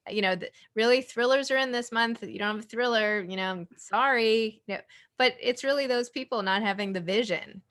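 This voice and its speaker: A woman's voice: on the high side, fairly quick, fairly bright tone. A woman hosting a virtual interview, reacting with enthusiasm and adding her own reflections. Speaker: host. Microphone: video call.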